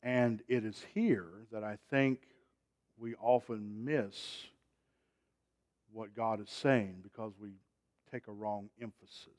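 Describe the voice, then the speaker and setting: A man preaching a sermon, swinging from loud, emphatic calls to quiet, drawn-out phrases and asking the congregation to respond. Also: lowish voice, steady tone.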